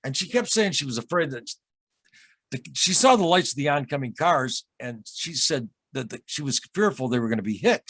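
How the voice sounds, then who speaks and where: A man being interviewed as a guest on a podcast, telling an unsettling personal story in an earnest, halting way, often repeating himself and getting emotional. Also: medium pitch, lively intonation, a bit bright, husky, no echo. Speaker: podcast guest, UFO experiencer.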